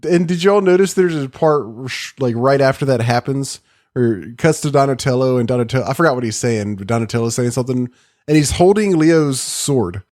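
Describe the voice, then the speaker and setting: A man's voice: mid-range voice, lively intonation, darkish tone, dry recording. Chatty co-host man, dry close sound. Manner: chatty, quick to chime in. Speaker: podcast co-host. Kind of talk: casual podcast banter.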